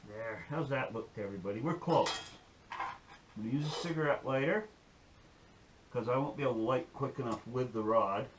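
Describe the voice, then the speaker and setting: A man's voice: mid-range voice, moderate pace, long pauses, noisy background. A man giving a folksy, rambling demonstration and telling a joke on his channel. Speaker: outdoor-skills YouTuber.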